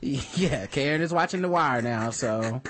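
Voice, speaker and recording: A man's voice: mid-range voice, lively intonation, measured pace, a bit bright. A man co-hosting a podcast in casual chat, laid-back and joking. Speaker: podcast co-host.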